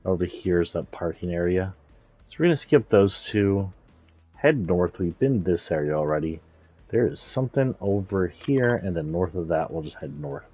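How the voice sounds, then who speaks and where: A man's voice: deep voice, lively intonation, moderate pace, husky, no room sound, lo-fi sound, faint music behind. A man giving casual, rambling gameplay commentary, thinking aloud and correcting himself as he goes. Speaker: streamer.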